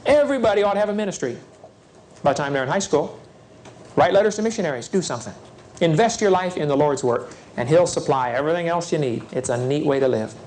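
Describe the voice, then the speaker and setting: A man's voice: on the high side, animated, fast talker, darkish tone. A man preaching to young people at a seminar, folksy and urgent, acting out little scenes as he talks. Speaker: evangelist speaker.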